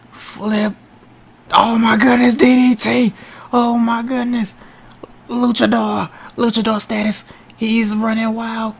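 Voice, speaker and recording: A young man giving playful, excitable mock wrestling commentary while playing a video game, with lots of exclamations, slang and swearing. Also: high-pitched, creaky, slight background noise. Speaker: gamer doing mock commentary.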